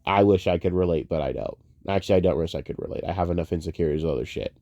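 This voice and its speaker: A young man ranting casually about movies, profane and heated, wandering off on tangents and swinging between muttering and loud outbursts. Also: deep voice, rapid-fire, no room sound, muffled recording. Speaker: online commentator.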